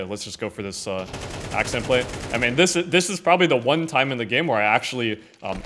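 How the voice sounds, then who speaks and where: Young guy, casual game commentary, mid-pitched, faint hiss, keyboard clicks. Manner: casual, many fillers, often trails off quietly. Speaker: gaming content creator.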